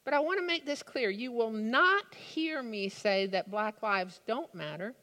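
A woman preaching a sermon in a slow, deliberate way with dramatic pauses. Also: fairly high pitch, animated, sharp tone. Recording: long hall reverb.

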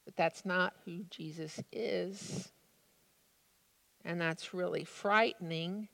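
A woman's voice: fairly low pitch, fairly even intonation, slow, creaky, a bit bright. A woman preaching a sermon, reading a story and then reflecting on it in an earnest, thoughtful way. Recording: long reverb of a large room.

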